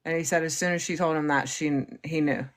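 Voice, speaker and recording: A woman hosting a livestream, calmly paraphrasing and explaining what her guest says. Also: sits low, a little fast. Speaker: livestream host. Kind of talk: relaying and explaining a guest's words.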